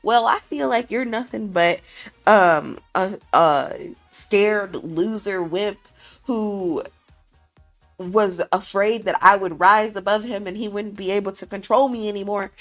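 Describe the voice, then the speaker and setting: A woman's voice: mid-range voice, a little fast, a bit bright, soft background music, voice pushed up, close to an everyday voice. A woman voicing a furious young woman who berates her male boss in a cutting, scornful tirade.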